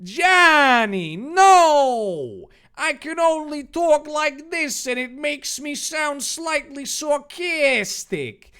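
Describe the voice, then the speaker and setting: A man voicing a melodramatic young male hero who sounds sarcastic even when he means to sound sincere. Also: extremely high pitch, very slow, pitched above the performer's own voice, full character voice.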